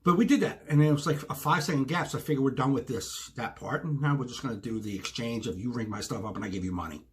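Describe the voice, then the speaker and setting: A man's voice: mid-range voice, fast talker, hardly any pauses. A man telling an exasperated story in a solo rant for a podcast he co-hosts, full of asides. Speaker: podcast co-host. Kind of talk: ranting solo monologue. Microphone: self-recorded video.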